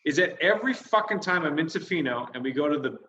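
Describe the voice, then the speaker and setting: A man's voice: fairly high pitch, animated, fast talker, pushed and bright. A man with a slightly raised voice co-hosts a comedy podcast. He rants with exasperation and swears freely. The sound is roomy and a bit muffled. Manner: swears a lot, ranting and exasperated. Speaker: podcast co-host. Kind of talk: casual comedic chat.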